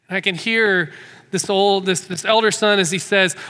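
Male preacher, high bright voice, storytelling sermon in a reverberant hall. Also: steady tone, fast. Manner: storytelling, repeats words when restarting.

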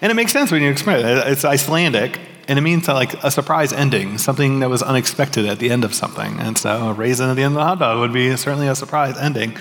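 Casual pastor in a reverberant hall. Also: male voice, mid-range voice, quick pace, few pauses, a bit bright. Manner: casual, self-deprecating, many fillers and restarts. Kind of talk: sermon. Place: church sanctuary.

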